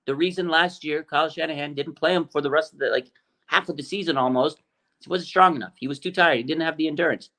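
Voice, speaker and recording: A man co-hosting a sports podcast, talking in a quick, animated and opinionated way with many fillers. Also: fairly high pitch. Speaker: podcast co-host. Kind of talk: casual sports talk.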